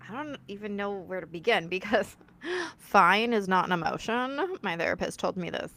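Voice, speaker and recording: A woman in her thirties hosting a casual talk, animated, laughing often and acting out quoted lines. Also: medium pitch, moderate pace, no room sound. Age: 30s. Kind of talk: casual conversational chat.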